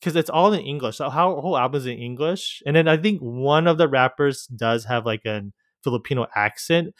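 Fairly quick and medium-pitched, a podcast co-host explains his thoughts in a meandering, casual chat, quick to laugh. The sound is studio quality with no echo.

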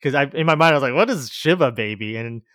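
A man's voice: mid-range voice, lively intonation, quick pace, a bit bright, no echo, clean studio sound. A man co-hosting a podcast in casual chat, meandering through his points and laughing easily as he explains. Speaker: podcast co-host.

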